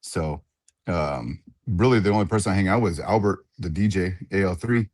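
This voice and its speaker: A man, a ring announcer, telling animated stories in a casual interview and acting out other people's lines. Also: low-pitched, normal speed, no echo, clean studio sound. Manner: animated storyteller who acts out others' voices.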